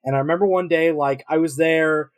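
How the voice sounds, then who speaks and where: A man's voice: fairly high pitch, steady tone, fairly quick. A man from the Los Angeles area telling a story on a podcast, profane and joking. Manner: profane, laughing. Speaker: podcast co-host. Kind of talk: casual storytelling.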